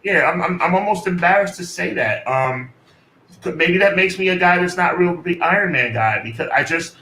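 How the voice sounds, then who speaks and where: A man's voice: high-pitched, lively intonation, normal speed, sharp tone. A man co-hosting a casual wrestling podcast, laid-back and playfully contrarian. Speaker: podcast co-host. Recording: echoey room with faint noise.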